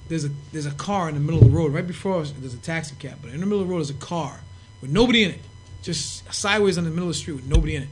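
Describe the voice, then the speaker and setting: A middle-aged man with a slightly high voice talks rapid-fire over background music. He's a podcast guest telling stories in casual, profane talk, animatedly acting out the voices of the people involved.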